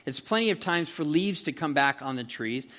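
A pastor giving a conversational verse-by-verse sermon in a folksy, chatty way, often checking in with "okay?" and "you know". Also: male voice, fairly high pitch, expressive, moderate pace, a bit bright. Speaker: pastor teaching a Bible study.

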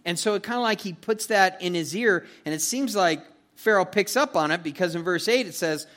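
A man's voice: sits high, brisk, a bit bright. Folksy, chatty man teaching a sermon. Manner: folksy and chatty, asks "okay?" and "you know", with many fillers. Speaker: pastor teaching a Bible study. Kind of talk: conversational verse-by-verse sermon.

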